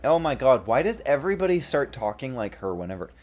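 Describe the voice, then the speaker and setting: A man's voice: medium pitch, big pitch swings, fast, a little mellow. A man streaming a game and chatting casually, laughing often and swearing now and then. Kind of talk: casual commentary while gaming.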